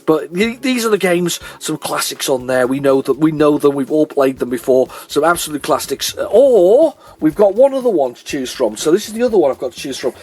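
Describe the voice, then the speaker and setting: Chatty man with a higher voice. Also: sing-song, a little fast, few pauses, a little mellow, slightly rough, dry recording. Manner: rambling, chatty, many fillers and restarts. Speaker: retro gaming video host. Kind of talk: casual chat while showing old game tapes.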